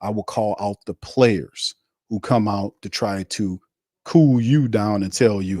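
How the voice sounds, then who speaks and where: A man's voice: fairly low pitch, a little slow, a little mellow, no room sound, studio quality. A man hosting a sports show, delivering a heated, blunt rant on a live watch stream, repeating his points and mocking the other side. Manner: fiery, blunt and repetitive, with mocking asides.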